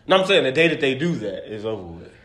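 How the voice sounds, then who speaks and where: A man's voice: medium pitch, quick pace. A young man co-hosting a podcast, telling stories with giggles and cursing. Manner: animated, giggly storytelling, profane. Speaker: podcast co-host. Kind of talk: casual chat. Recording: echoey room.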